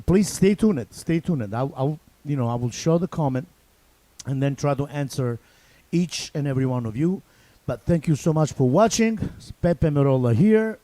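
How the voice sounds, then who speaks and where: A man's voice: fairly high pitch, mellow, no room sound. A man with an Italian accent teaching drum rudiments in a loose, chatty way, with repeats and restarts. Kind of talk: casual spoken drum lesson.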